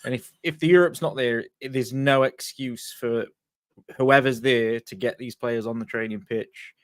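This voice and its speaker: A man's voice: medium pitch, fairly even intonation, a little slow, dry recording, studio quality. A man speaking as a guest on a casual fan panel, agreeable and open to being convinced. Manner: agreeable, conceding.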